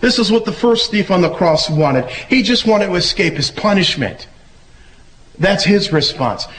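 A man giving a relaxed, conversational sermon who acts out the voices he quotes. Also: high-pitched, unhurried, a little hiss or hum, low-quality recording. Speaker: preacher. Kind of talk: casual sermon.

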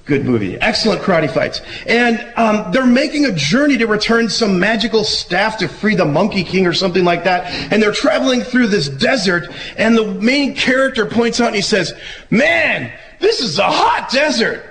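A man giving a relaxed, conversational sermon who acts out the voices he quotes. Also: high voice, normal speed, few pauses, poor audio. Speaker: preacher. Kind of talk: casual sermon.

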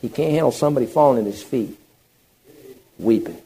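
A man preaching a sermon, animated, moving between loud emphatic passages and hushed, quiet ones. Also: medium pitch, brisk, slightly rough.

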